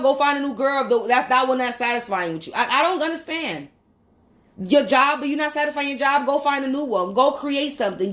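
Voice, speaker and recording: Heated high-voiced woman ranting. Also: fairly bright tone. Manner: heated, profane, repeats herself. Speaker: vlogger. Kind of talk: angry rant to camera.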